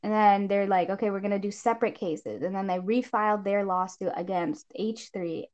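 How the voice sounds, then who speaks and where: A young woman co-hosting a podcast, rambling through casual gossip in an animated way. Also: medium pitch. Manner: rambling, animated, quick shifts into shrieking impressions. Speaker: podcast co-host. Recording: dull lo-fi sound.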